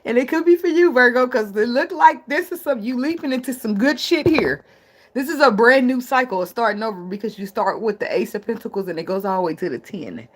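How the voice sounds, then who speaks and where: A woman's voice: fairly high pitch, lively intonation, fairly quick. A woman in reads tarot live from her home. She talks bluntly and swears freely, and her delivery stays casual and direct. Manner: blunt, profane, laughs often. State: tearful at times. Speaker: tarot reader.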